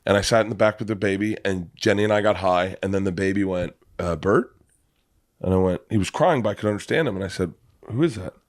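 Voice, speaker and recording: A man's voice: low voice, quick pace. A man chatting as a guest comedian on a podcast, telling stories and swearing freely. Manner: swearing, animated storyteller. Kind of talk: casual podcast chat.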